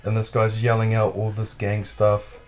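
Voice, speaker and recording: A man with a slightly low voice tells a wild story in relaxed podcast chat. He swears freely and talks animatedly, chuckling at his own tale. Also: normal speed, a little hiss or hum. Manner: animated, profane, laughs while telling.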